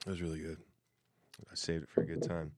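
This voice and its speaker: A man's voice: extremely low pitch, completely flat delivery, fast talker, a little mellow, a little hiss or hum. A man in a casual chat, reading messages aloud in a rambling, self-interrupting way and laughing often. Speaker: host reading messages from coworkers.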